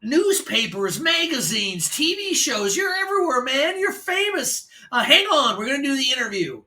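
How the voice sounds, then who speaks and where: A man putting on the voice of a booming, hyped-up morning radio disc jockey. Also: very animated, pushed and bright, distant mic, exaggerated voice. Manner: booming, fast hype patter.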